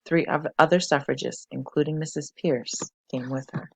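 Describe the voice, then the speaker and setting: A teacher reading a novel aloud for a fifth-grade class, steady and expressive. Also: medium pitch, moderate pace, creaky, breathy edge, no echo.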